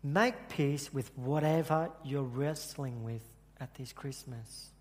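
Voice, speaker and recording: Sincere and halting, this church speaker shares a personal story in his sermon, often restarting what he's saying. His voice is medium-pitched and a little mellow, and the hall adds a long reverb.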